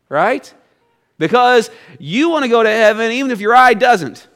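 A man preaching a sermon to his church, reading scripture and talking it through in a conversational way, often climbing higher and louder to drive a point home. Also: lively intonation, normal speed. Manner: conversational preaching, often rises in pitch and volume for emphasis; reads scripture, then voices grumbling people in a higher tone. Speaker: pastor.

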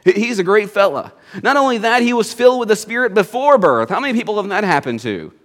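A man's voice: high voice, lively intonation, fast, a bit bright. A man preaching a sermon to his congregation in a folksy storytelling manner, with jokes and asides. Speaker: pastor.

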